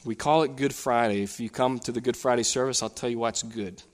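In a church sanctuary, a male pastor with a middle-pitched voice preaches fast and with a steady tone. He's animated, growing higher and louder when retelling a scene, and a long reverb trails each phrase.

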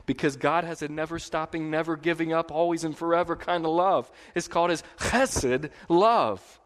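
A man preaching a sermon as pastor, in a conversational, lively way with emphatic repetition. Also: fairly high pitch, moderate pace. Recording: long hall reverb.

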